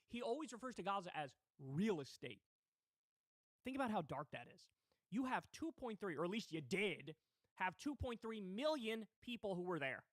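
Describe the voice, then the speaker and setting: A man's voice: high voice, sing-song, normal speed, dry recording, clean studio sound. A man hosting a political commentary livestream, talking in a heated, indignant way with swearing. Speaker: livestream host.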